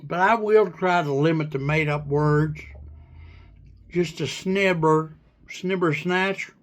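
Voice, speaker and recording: A slightly high, slow male voice plays a folksy, flirty hillbilly in a put-on Southern accent, bantering on a livestream. He drawls and rambles in a teasing mood, inventing fake words as he goes.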